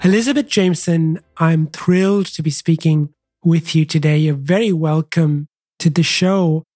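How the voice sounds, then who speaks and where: A man's voice: a little high, moderate pace, warm tone, dry recording, clean studio sound. A man hosting a podcast, introducing his guest and asking questions in a polite, welcoming manner. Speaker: podcast host. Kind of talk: scripted intro and interview questions. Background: faint music.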